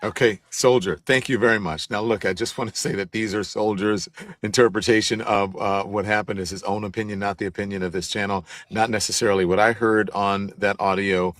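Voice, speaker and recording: Low-voiced man hosting a call-in show. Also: steady tone, a little fast, fairly bright tone, no room sound. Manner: conversational, asks co-host for agreement. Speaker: host.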